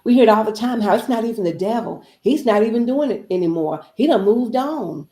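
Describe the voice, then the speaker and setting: A woman's voice: a little high, expressive, fairly quick, dark tone, roomy sound. A woman guest speaker giving an inspirational, preachy talk, repeating phrases for emphasis.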